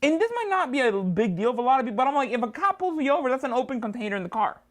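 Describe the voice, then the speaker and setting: Speaking rapid-fire in a high, very animated voice, a female comedian guest shares a lively story in the studio. She plays both people in the exchange, and her delivery jumps around with big swings.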